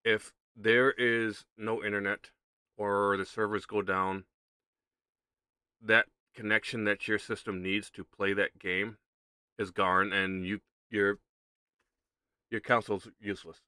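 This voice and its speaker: A man hosts a casual gaming livestream, chatting straight to his viewers. His voice sits a bit low but sounds bright and forward. He keeps restating his point with easy, conversational emphasis. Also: little pitch movement, slow pace, long pauses, smooth, no echo. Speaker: streamer.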